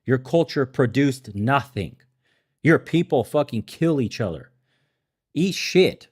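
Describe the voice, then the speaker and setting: A man's voice: medium pitch, animated, measured pace, darkish tone, slightly rough. A man hosting a podcast, an immigrant to America, ranting with heavy swearing and heated outbursts, laughing at himself now and then. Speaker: podcast host. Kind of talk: profane ranting commentary. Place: in the Balkans.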